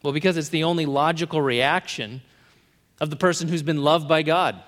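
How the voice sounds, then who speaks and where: A man's voice: fairly high pitch, moderate pace. Earnest man preaching in a hall. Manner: earnest, repeats key phrases, drops to soft endings. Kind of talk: sermon.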